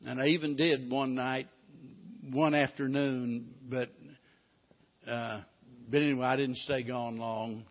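A man's voice: medium pitch, little pitch movement, measured pace. Man, middle-aged pastor, folksy sermon storytelling, long church reverb, muffled sound. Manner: folksy storytelling, rising to emphatic preaching. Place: church sanctuary.

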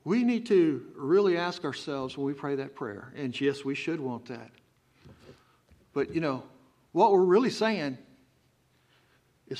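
A man's voice: on the high side, lively intonation, unhurried, pauses often, darkish tone. A man with a Texan accent, preaching a sermon as pastor and breaking into emphatic, rising outbursts. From Texas. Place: church sanctuary.

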